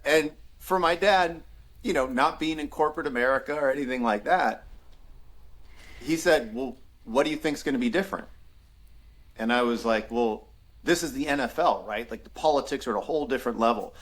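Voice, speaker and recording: A man's voice: mid-range voice, a little fast. A man in his thirties, a former football player and podcast guest, telling stories casually with lots of laughter and acted-out dialogue. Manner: animated storyteller, acts out quoted dialogue, laughs often. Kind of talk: casual storytelling interview.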